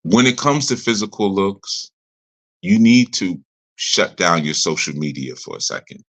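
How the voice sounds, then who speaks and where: In a conversational, direct style, a middle-aged man teaches a ministry group informally, hammering his points through repetition. His low-pitched, fairly bright voice swings widely in pitch, and he's unhurried.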